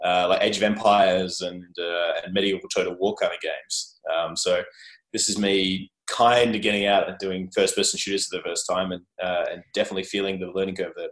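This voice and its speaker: A man's voice: sits low, level tone, fairly quick, a bit bright. Self-mocking Australian man, echoey room. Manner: self-deprecating, joking, rambling with restarts. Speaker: guest, journalist. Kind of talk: casual interview chat. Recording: roomy echo.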